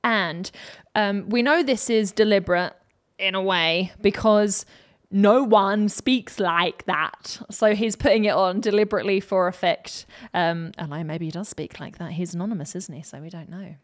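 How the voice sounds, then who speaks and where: A woman's voice: medium pitch, normal speed. Woman explaining vocal technique. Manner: explanatory, demonstrates sounds with her own voice. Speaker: vocal coach. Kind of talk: reaction video with vocal analysis.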